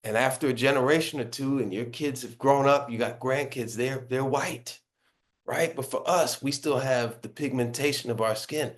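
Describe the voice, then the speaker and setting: Earnest baritone man explaining. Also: normal speed. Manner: earnest, explanatory, often adds "right?". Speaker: author and guest. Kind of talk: interview answers.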